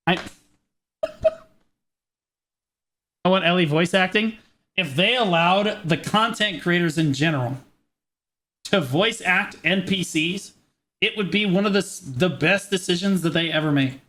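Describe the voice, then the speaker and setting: Profane, excitable man reacting to clips. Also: high voice. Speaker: streamer reacting to videos. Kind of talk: casual reaction commentary.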